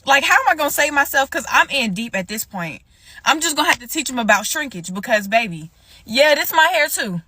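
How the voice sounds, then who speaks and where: A woman tells a casual storytime straight to her viewers. Her voice is bright and swings widely in pitch. The sound is dry and close. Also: a little fast, husky, dry recording. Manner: animated, talks to viewers as y'all.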